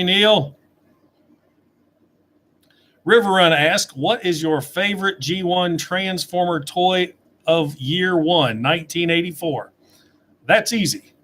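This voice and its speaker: Sitting at his desk webcam, a middle-aged man reviews toys and casually reads and answers viewer questions on a livestream. His voice is slightly high and a touch bright.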